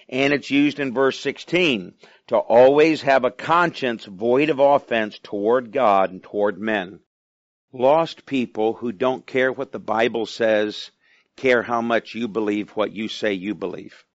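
Male preacher, mid-pitched, talking with the congregation; dry, muffled recording. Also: slow, no room sound. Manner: conversational, asks the listeners questions. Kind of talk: sermon.

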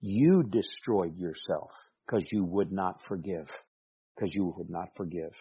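A man preaching a sermon as pastor, emphatic, dropping soft and then rising to loud exclamations. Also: low-pitched, unhurried, husky. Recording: dull lo-fi recording.

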